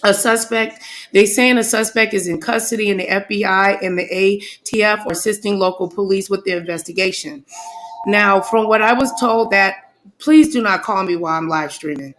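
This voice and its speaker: A woman's voice: mid-range voice, normal speed, a bit bright, rough recording. A woman hosting a live stream, shaken and stumbling as she reads breaking news aloud.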